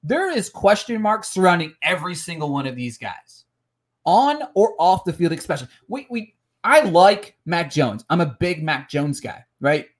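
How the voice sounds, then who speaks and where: A man's voice: a little high, very animated, normal speed. A man hosting a casual sports podcast, heated and frustrated, often repeating words and restarting his sentences. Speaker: podcast host.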